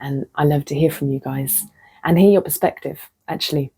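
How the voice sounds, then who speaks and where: Her voice deep and husky, a woman vlogger delivers a relaxed, reflective talk to camera at a moderate pace, frankly recounting stories, teasing herself, and now and then sinking to almost a whisper.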